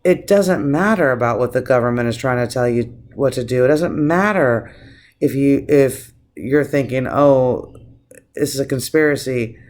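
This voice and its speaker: A man rants to camera on his vlog, cursing freely and circling back through restarts. His voice sits at an ordinary mid pitch. He talks with plain, impassioned feeling. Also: normal speed. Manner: profane, impassioned, rambling with restarts. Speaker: vlogger. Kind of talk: casual vlog rant.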